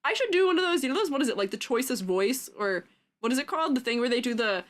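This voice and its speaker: A young woman chatting casually on stream, her voice high and bouncing all over the place. She giggles constantly and breaks into goofy yells and sound-effect noises. The delivery is loose and unscripted. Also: lively intonation, fast.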